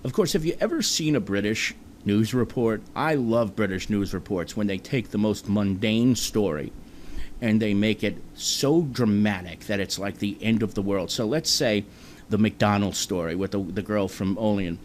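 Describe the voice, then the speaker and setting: A man's voice: on the low side, moderate pace, a little hiss or hum. A man with a New Jersey accent hosting a web talk show alone, rambling in a chatty, self-deprecating way. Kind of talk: casual solo talk-show monologue.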